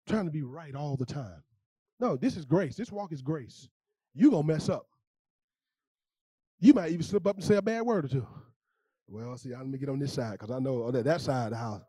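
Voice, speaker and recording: A male pastor preaching a sermon in a lively, conversational way, repeating phrases and talking straight to the congregation. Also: on the high side, husky, no echo. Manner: animated, conversational preaching with repetitions.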